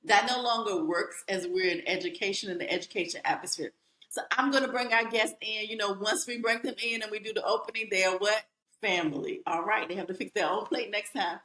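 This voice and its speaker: A woman from Lawrenceville, Virginia, in the rural US hosts a podcast in an echoey room, folksy and playful, often turning to address her listeners directly. Her mid-range voice is steady, fairly bright, and a little fast.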